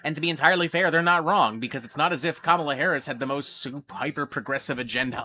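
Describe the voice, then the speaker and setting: Animated, profane male livestream host. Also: mid-range voice, fast talker, soft background music. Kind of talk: casual livestream chat.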